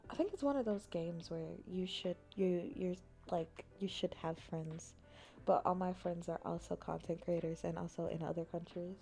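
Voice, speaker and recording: A woman streamer chatting casually with her viewers, playful and often slipping into soft whispers. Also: fairly low pitch, gravelly. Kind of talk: casual chat.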